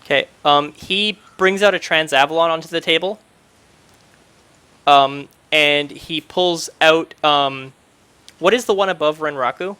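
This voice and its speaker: A man's voice: a little high, a little slow, bright, forceful tone, clean tone. A man narrating as game master of a tabletop game, loose and hesitant, with many fillers and restarts.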